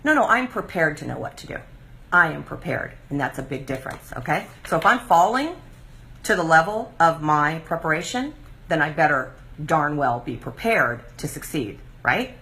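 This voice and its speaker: Lively, emphatic woman coaching viewers. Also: sits low, normal speed. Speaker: recovery coach and live show host. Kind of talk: live online talk show monologue.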